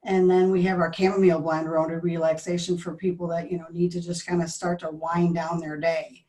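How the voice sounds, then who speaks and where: A middle-aged woman speaking as an interview guest in a lowish voice. She rambles in a nervous, chatty way, restarting sentences and losing her thread. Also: level tone, brisk, mellow, recorded from a distance, low-quality recording. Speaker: guest, tea business co-owner. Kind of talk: casual interview chat.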